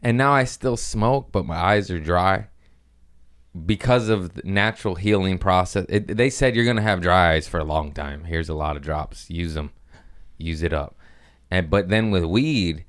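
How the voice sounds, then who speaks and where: A man's voice: deep voice, normal speed, fairly bright tone. A man hosting a podcast, telling loose, rambling stories with swearing and laughs in a casual chat. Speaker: podcast host.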